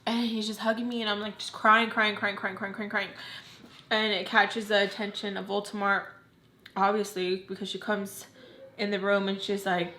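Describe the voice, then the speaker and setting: A woman's voice: mid-range voice, moderate pace, sharp tone, slight background noise. A young adult woman vlogger telling a personal story in a candid, emotional way, with lots of "like". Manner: candid, heavy use of "like". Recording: roomy echo.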